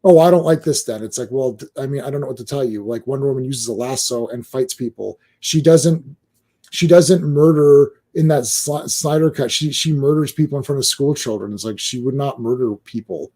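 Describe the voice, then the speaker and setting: A man co-hosting a podcast in casual chat, animated, who acts out other people's complaints in mocking voices. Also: mid-range voice, fairly quick. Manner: animated, mimics fans in mocking quoted voices. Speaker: podcast co-host.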